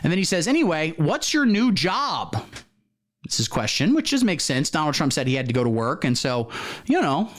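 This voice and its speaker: A man hosting a satirical comedy show, commenting on the material in a deadpan, mock-earnest way with feigned naivety. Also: on the high side, fast talker. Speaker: comedy host.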